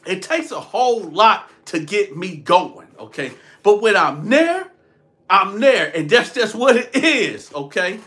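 A man with a high, bright voice tells a story in a loose, animated style. He talks straight to his viewers as he goes. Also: a little slow. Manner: animated, addresses viewers directly. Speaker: storytelling vlogger. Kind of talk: casual storytime.

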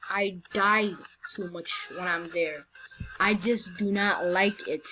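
A woman's voice: on the low side, fairly even intonation, takes it slowly, bright, forceful tone, a little hiss or hum, poor audio. Playful young woman teasing during gameplay. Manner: playful, teasing, stammering restarts. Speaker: gameplay commentator. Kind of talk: casual gaming commentary.

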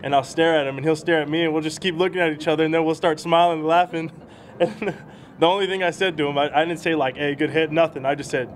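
A man's voice: fairly high pitch, steady tone, fast talker, slight background noise. A young man, a baseball prospect, telling rambling stories in a casual interview, laughing as he goes.

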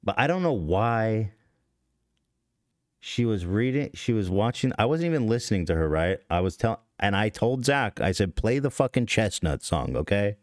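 Animated and speaking at a moderate pace, a man in his thirties with a fairly low-pitched voice hosts a podcast. He casually tells stream chat a story that meanders, swears, pokes fun at himself, and often starts over, in studio quality with no room sound.

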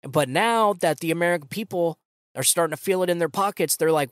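A man's voice: fairly high pitch, expressive, fast, dry recording, studio quality. A man hosting a political commentary podcast, ranting in a sarcastic, casual way with slang. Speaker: podcast host.

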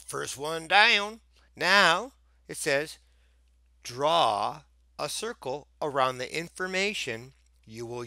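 A male teacher walks through a math lesson with playful enthusiasm, repeating the key ideas so they stick. His voice is bright and forceful, and the sound is dry and close, with no room echo. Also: medium pitch. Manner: repeats key points for emphasis.

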